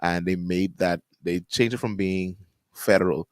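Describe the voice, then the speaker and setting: A man's voice: low voice, fairly even intonation, a little slow, a little mellow, dry recording, studio quality. A Bahamian man co-hosting a morning radio show, chatting casually and laughing often. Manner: chatty, laughs often, restarts mid-sentence. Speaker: radio co-host. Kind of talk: casual chat. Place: radio studio.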